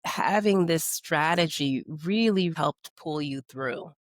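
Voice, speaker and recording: A woman hosting an interview asks gentle follow-up questions and encourages her guest. Her voice is slightly low and attentive. The recording is close and dry. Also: takes it slowly, dry recording. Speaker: podcast host.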